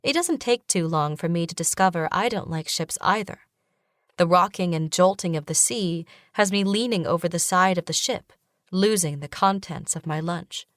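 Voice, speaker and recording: Low-voiced woman narrating an audiobook. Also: normal speed, fairly bright tone, no echo, studio quality. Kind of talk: first-person romantasy audiobook narration.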